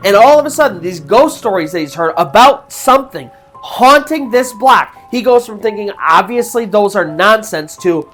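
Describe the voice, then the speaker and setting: A woman host narrating a horror story in a casual, conversational way, with pauses for suspense. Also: a little high, lively intonation, soft background music. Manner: conversational, with fillers and restarts, dramatic pauses.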